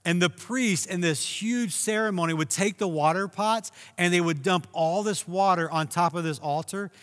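A man preaching a sermon, telling a story with animated emphasis and raising his voice for key moments. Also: high voice, moderate pace, big-room sound. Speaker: pastor.

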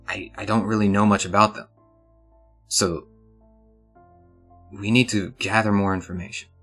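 A man with a deep, slightly bright voice plays a serious female gang leader. The character issues orders in a businesslike manner, with hesitant restarts.

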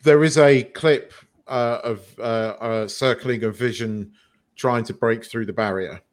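A man's voice: medium pitch, steady tone, a little slow. A man talking as a podcast guest in casual chat, hesitant and full of fillers.

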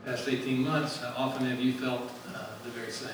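A man's voice: mid-range voice, little pitch movement, brisk, few pauses, very echoey, distant mic, background noise. A man giving a sermon in a conversational way, asking questions and answering them himself. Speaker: speaker at a ministry gathering.

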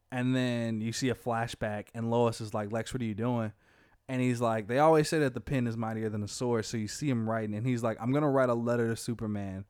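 Casual male storyteller, mid pitch, animated delivery, dry recording. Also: smooth, no echo. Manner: animated storyteller, quotes characters in his own voice. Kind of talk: casual retelling of a comic book plot.

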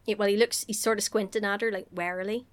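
A woman's voice: medium pitch, fast. A woman, chatting casually and comically on a podcast, swearing freely and acting out characters. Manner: animated, sweary, acts out characters in exaggerated voices. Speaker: podcast co-host recapping a film. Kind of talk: casual comedic chat.

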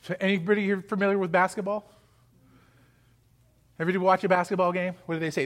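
Male pastor, very high voice, sermon, rising intensity, call-and-response. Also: little pitch movement, fast. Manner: acts out pleading voices.

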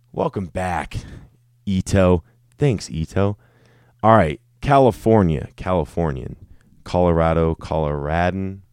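A man's voice: low-pitched, creaky, a little mellow, no room sound, studio quality. A young man hosting a casual solo podcast, rambling and joking with plenty of swearing. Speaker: podcast host.

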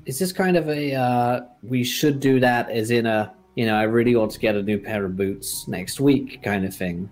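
A man's voice: mid-range voice, moderate pace, hardly any pauses, a little mellow, a little hiss or hum. A man playing a tabletop game, joking and rambling. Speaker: player. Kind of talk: casual tabletop play.

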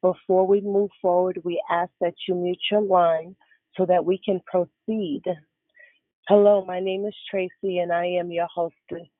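A woman in her fifties hosting a morning prayer call, greeting each caller warmly by name. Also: lowish voice, level tone, measured pace, dry recording. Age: 50s. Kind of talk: welcoming callers on a prayer line. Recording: tinny phone line.

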